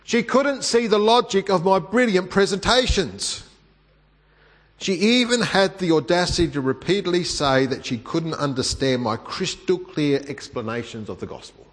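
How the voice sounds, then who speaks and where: A man preaching a sermon, telling a personal story with animated emphasis that drops to hushed tones, then leading a prayer. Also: high voice, normal speed, long reverb tail.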